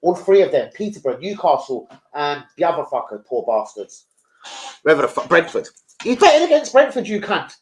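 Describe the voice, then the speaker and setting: A middle-aged man, hosting a casual football fan livestream and bantering with viewers in a sweary, animated way. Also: on the high side, moderate pace, low-quality recording. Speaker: football fan channel host.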